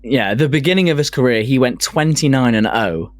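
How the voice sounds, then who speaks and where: A man's voice: medium pitch, expressive, brisk, no room sound, faint music behind. A man co-hosting a casual podcast, reading from notes, swearing casually and laughing at himself. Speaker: podcast co-host presenting a segment.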